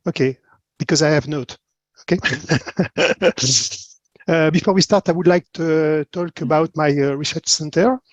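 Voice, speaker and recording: A man with a French accent, a marine biologist giving an online conference talk in halting English with many fillers. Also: on the high side, dry recording. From France. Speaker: presenter. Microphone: video call. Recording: dull lo-fi video call audio.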